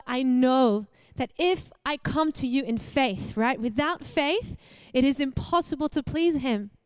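An Australian woman in her young adult years gives a church sermon in a high, clear voice. She speaks warmly and conversationally, asking the congregation questions. The sound is close and dry. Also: no room sound. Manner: warm, animated, laughs often, asks the audience questions. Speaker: preacher.

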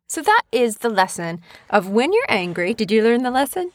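With a fairly high pitch and normal speed, a mother and podcast co-host chats casually with her young son. She tells stories in an animated way and turns them into lessons, using a teaching tone. The audio is studio quality with no echo.

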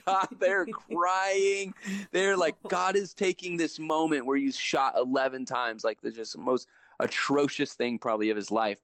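A young man, a guest on a chat show, telling stories from his emergency-room work in an animated way, his voice climbing high when he acts out what people said. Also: no echo. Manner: animated, jumps high when retelling dialogue. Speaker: podcast guest, ER worker. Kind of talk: casual storytelling chat.

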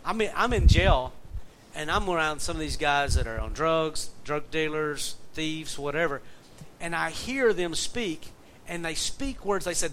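A man preaching in an easy, folksy way, his voice sitting a little high for a man. He weaves stories and wry jokes into the message. A faint hiss sits under the recording. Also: expressive, measured pace, fairly bright tone, low-quality recording. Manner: folksy, storytelling, joking asides. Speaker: pastor and jail minister. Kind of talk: conversational sermon.

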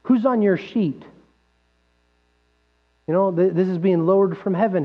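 A man preaching a sermon as pastor, animated, asking rhetorical questions and acting out quoted voices. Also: high-pitched, a little slow, long pauses. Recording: dull lo-fi sound with long hall reverb and mains hum.

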